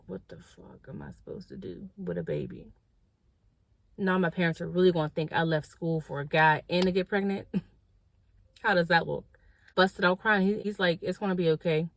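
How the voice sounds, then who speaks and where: A woman's voice: lowish voice, gravelly, dry recording. A woman vlogger telling a personal story in a casual, slangy way, acting out what people said and talking straight to her viewers. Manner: animated storytelling, acting out quoted dialogue; slangy, direct, addresses viewers as y'all. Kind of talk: storytime vlog.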